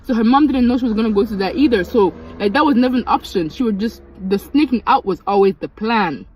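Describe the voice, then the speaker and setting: A young woman, casually telling a storytime and switching into high, animated quoted voices. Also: quick pace, husky, poor audio. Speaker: vlogger.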